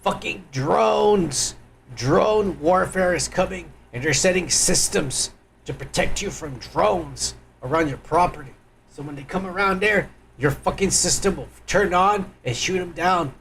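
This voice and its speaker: Gravelly, high-voiced man ranting on stream. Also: unhurried, slight background noise. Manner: crude, loud, mocking, addresses viewers directly. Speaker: livestream host. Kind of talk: casual profane commentary on clips.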